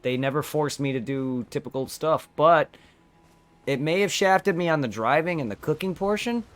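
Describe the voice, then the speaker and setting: A man's voice: a little high, normal speed. A young adult man chatting casually while streaming a game, telling a long rambling story with lots of restarts. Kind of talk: casual chat while gaming.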